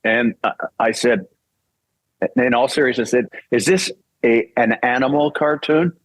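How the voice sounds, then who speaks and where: A man's voice: medium pitch, fairly even intonation, a little slow, no echo, rough recording. An older man from Canada, a voice actor and singer, telling a casual story and acting out the voices he quotes, laughing often.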